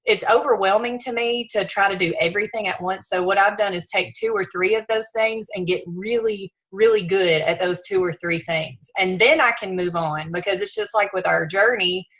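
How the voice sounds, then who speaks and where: A woman's voice: fairly low pitch, fairly bright tone, poor audio. A woman, a new regional director, talking earnestly and a little emotionally on a team call. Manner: emotional, earnest, chatty with restarts. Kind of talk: casual team call talk.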